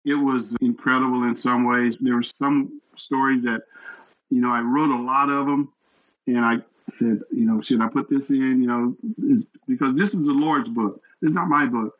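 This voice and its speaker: A man's voice: medium pitch, normal speed, muffled recording. A man in his sixties, a retired fire captain, telling stories earnestly as an interview guest. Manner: earnest, animated storyteller. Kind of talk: storytelling interview.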